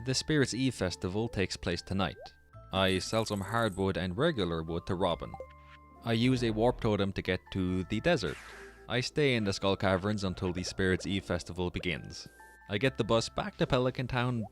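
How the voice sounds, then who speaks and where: A man with a deep, low voice walks through his game run in a steady, scripted narration, ticking off each task in turn. Soft music plays faintly underneath him. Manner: calm, matter-of-fact step-by-step recounting. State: losing his voice, speaking softer. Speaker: gaming YouTuber.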